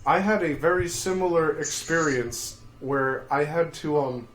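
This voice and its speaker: A man telling a crude, profanity-filled story on a casual livestream, with shouted outbursts. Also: fairly high pitch, a little slow, slight background noise. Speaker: streamer.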